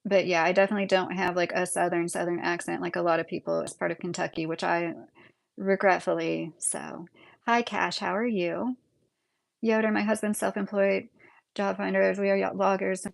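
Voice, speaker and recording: A woman's voice: lowish voice, little pitch movement, normal speed, vocal fry, no room sound. A woman with a Midwestern American accent hosting a casual livestream, rambling and answering viewer comments with lots of fillers. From United States. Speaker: livestream host.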